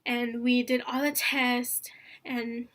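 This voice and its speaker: A young woman speaks in a slightly higher voice, telling her story casually and earnestly. She rambles, leaning on "like" and "honestly," and sounds close to tears. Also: flat delivery, slow, a bit bright. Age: young adult. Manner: rambling, earnest, heavy use of fillers like "like" and "honestly". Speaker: vlogger.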